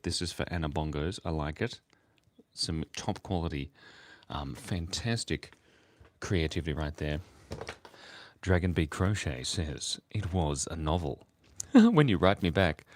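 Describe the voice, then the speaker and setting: A sleepy man, hosting a casual live stream and rambling, giggling and joking with chat as he draws. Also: sits low. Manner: rambling, giggly, self-mocking, talks while drawing. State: sleepy, early morning. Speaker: livestream host drawing for chat.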